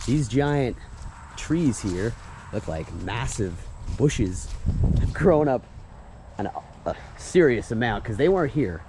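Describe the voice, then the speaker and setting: An excited man narrating a casual walk-and-talk outdoors, chuckling often as he retells scenes. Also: medium pitch. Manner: excited, chuckles often, acts out movie lines. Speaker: filming-location vlogger. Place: outdoors on streets and a driveway. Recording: outdoor traffic noise.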